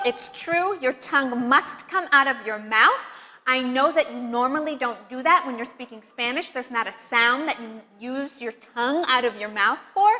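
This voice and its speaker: A woman with a high, pushed, bright voice gives a pronunciation lesson as an accent teacher, upbeat and encouraging as she demonstrates each step. The sound has a big-room quality.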